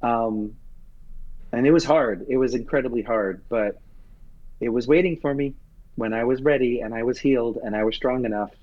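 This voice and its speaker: A man and Broadway actor, telling a personal story in an interview with earnest, halting emotion and frequent restarts. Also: mid-range voice. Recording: dull lo-fi sound.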